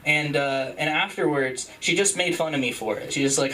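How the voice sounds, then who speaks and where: A young man from Utah doing rambling, self-deprecating stand-up at an open mic, jumping into high squeaky voices for the people he quotes. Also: moderate pace, few pauses, sharp tone, recorded from a distance, poor audio. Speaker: stand-up comedian. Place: comedy club stage.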